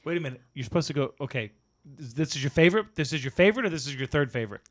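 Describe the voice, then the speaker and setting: Enthusiastic man with a slightly high voice. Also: animated, racing, a bit bright. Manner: enthusiastic, swears casually, laughs while telling. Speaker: podcast co-host. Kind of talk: casual movie review chat.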